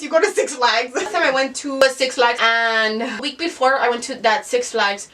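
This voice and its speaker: A young woman co-hosting a podcast, telling stories in an animated, casual way and slipping between English and Spanish. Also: fairly high pitch, normal speed, distant mic. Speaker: podcast co-host. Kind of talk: casual storytelling chat.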